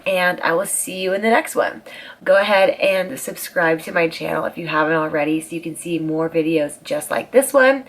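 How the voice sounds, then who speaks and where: Her pitch fairly low, a vlogger in her twenties tells a story in casual conversation. She's animated and profane throughout, stressing the dramatic moments hard.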